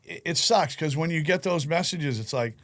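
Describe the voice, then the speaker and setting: A man telling profane stories in a relaxed group chat. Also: on the high side, normal speed. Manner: profane, animated storyteller. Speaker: podcast guest. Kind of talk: casual storytelling chat.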